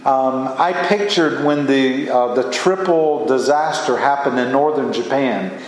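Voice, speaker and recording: A man's voice: medium pitch, unhurried, a little hiss or hum. A man preaching a sermon as a pastor, earnest and emphatic, often rising into exclamations. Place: church sanctuary. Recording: echoey hall from far off.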